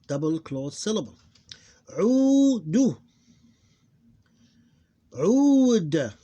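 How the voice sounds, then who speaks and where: A man teaching a phonics lesson, slowly repeating each syllable and stressing it loudly. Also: medium pitch. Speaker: Arabic teacher.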